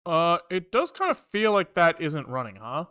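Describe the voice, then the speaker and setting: A live-coding streamer talking through code as they type, reading out variables and loops. The pitch jumps around a lot, with plenty of frustrated swearing when things break. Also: big pitch swings, normal speed, sharp tone. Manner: muttering code aloud, frequent frustrated swearing. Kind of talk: live coding, thinking aloud.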